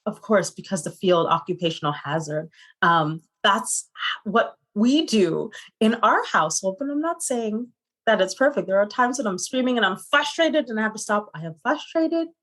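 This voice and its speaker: A middle-aged woman appears as a psychotherapist guest in a conversational interview, speaking earnestly and often closing her points with rhetorical questions. Her voice is medium-pitched, animated, and fairly bright, at a normal speed.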